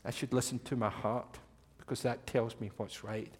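A man's voice: medium pitch, steady tone, normal speed, slightly rough, close to an everyday voice. An earnest, caring young girl, as a man puts her on for a story. Her lines ring out in a long church-hall reverb.

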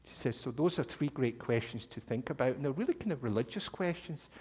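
A man's voice: medium pitch, expressive, brisk, a little mellow, slightly rough. A man telling a story to children at a church service, speaking animatedly and addressing them directly. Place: church hall. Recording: long hall reverb.

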